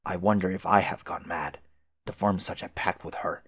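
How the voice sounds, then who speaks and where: A man voicing a stiff, formal, muscular teenage boy troll aristocrat who speaks quietly and precisely. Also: low-pitched, steady tone, normal speed, breathy edge, no room sound, studio quality.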